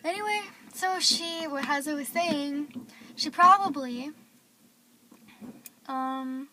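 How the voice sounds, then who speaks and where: A woman's voice: high voice, takes it slowly, noisy background. A teenage girl vlogging, rambling through gossip with lots of fillers. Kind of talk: casual gossip vlog.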